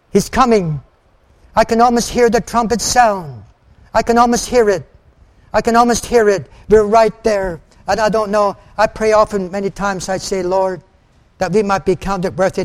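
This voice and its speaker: An older male preacher with a high voice gives a fervent sermon, repeating phrases for emphasis and quoting scripture in old-fashioned language.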